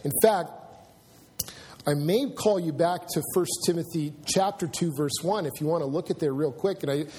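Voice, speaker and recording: A man preaching a sermon in a church, earnest and halting, often restarting his sentences and filling pauses. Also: on the high side, darkish tone, breathy edge. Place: church sanctuary.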